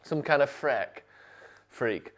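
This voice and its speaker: A young man hosting a casual live stream, joking and animated, sometimes rising to near shouts. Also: mid-range voice, slow pace.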